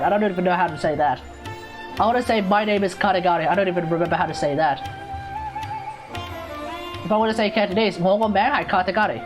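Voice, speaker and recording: Chatty Australian woman streamer over music. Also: on the low side. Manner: rambling, chatty, self-correcting. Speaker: gaming streamer. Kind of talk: casual live stream chat. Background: background music.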